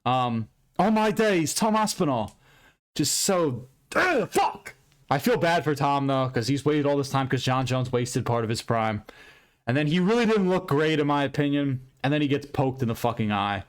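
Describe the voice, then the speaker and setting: A man hosting an MMA recap channel, ranting loudly and profanely in an unscripted, rambling way. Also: medium pitch, fairly quick, smooth. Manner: loud, profane, heated and emphatic; rambling with frequent restarts and fillers. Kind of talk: unscripted fight recap rant.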